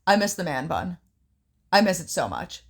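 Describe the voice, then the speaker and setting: A woman co-hosting a casual podcast, swearing constantly as she tells a story in an animated way. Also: lowish voice, normal speed. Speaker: podcast co-host. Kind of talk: casual chat recapping wrestling.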